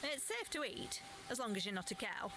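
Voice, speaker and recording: A woman's voice: fairly high pitch, big pitch swings, brisk. A woman voicing a matter-of-fact countrywoman villager in a game. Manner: matter-of-fact, homely advice. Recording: clear background noise.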